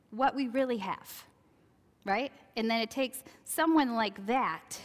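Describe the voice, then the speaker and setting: A woman in her forties giving a chatty devotional talk, laughing at herself and acting out quoted lines. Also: mid-range voice. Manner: chatty, laughing asides, animated quoting. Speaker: Christian speaker. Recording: long hall reverb.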